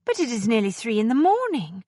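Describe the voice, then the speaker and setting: A woman voicing a prim, proper young governess who speaks precisely and firmly, in a lively, fairly high voice. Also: fairly quick, dry recording, studio quality.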